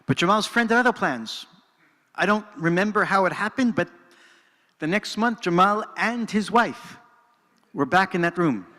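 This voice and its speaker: Older man telling a story, a bit high-voiced. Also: lively intonation, normal speed, pushed and bright. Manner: earnest and dramatic, shifting between narration and reflection. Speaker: speaker at a presentation. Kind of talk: personal storytelling talk. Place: synagogue hall. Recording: reverberant hall.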